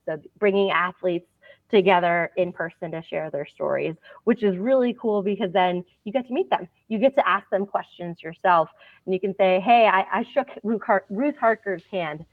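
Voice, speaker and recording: A woman's voice: on the low side, no echo. A woman guest in an interview, telling stories in an earnest, casual way with some fillers. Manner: earnest storyteller, uses fillers. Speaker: guest, founder of a storytelling platform. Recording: tinny phone-like line.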